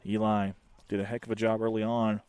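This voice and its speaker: A man calling a live high school baseball game by himself, in folksy, chatty play-by-play that jumps up on the big plays. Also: a little fast, clear, resonant tone, no room sound. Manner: folksy one-man commentary, excited calls. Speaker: play-by-play announcer.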